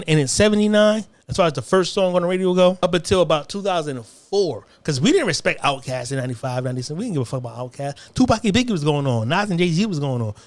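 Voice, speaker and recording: Heated man ranting, high-pitched voice. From United States. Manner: forceful, repetitive, confrontational. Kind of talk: heated monologue rant.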